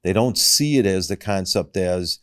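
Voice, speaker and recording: A man on a podcast as a guest, laying out his ideas in a calm, measured way. His voice sits low. The sound is dry, with no room echo. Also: smooth. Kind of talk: conversational interview.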